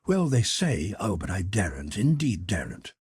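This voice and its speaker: A man voicing a timid, frightened young male page in a high, pleading voice, in an audiobook reading. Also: sing-song, moderate pace, darkish tone, husky, no room sound, studio quality, heavily acted. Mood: fearful.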